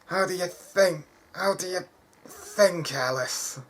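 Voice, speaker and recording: A man's voice: high-pitched, takes it slowly, a bit bright, slight background noise, voice pushed up. A man voicing a badly wounded teenage boy soldier who is in pain and short of breath, his words strained and complaining. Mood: bitter, pained.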